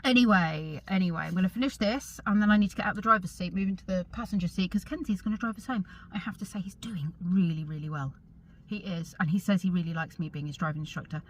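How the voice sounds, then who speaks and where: A middle-aged woman vlogging in a chatty, rambling way, pausing to search for words and correcting herself as she talks. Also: on the low side, a little hiss or hum. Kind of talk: casual chat to camera.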